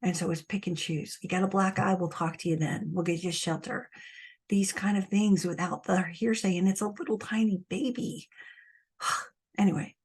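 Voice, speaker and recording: A woman's voice: mid-range voice, steady tone, moderate pace, a little mellow, breathy edge. A middle-aged woman, an abuse support coach, speaking bluntly and with frustration straight to her viewers. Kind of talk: impassioned direct-to-camera monologue.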